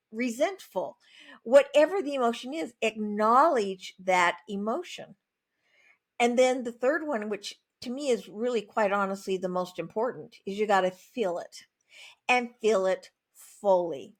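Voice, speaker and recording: A woman author, appearing as a guest in a conversational interview, speaks in an emphatic, plain-spoken way with animated asides. Her voice is medium-pitched and her pace unhurried.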